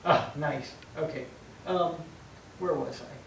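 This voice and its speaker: A man teaching calculus in a lively, playful way, acting out little scenes and correcting himself as he works. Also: on the high side, slow pace, gravelly. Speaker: math teacher. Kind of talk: calculus lecture at a board. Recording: roomy, distant mic, faint hum.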